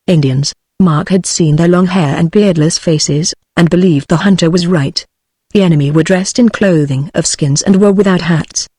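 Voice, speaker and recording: A woman's voice: lowish voice, no room sound, studio quality. A text-to-speech voice of a woman with a British English accent narrating an adventure novel as an audiobook. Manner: even synthetic reading.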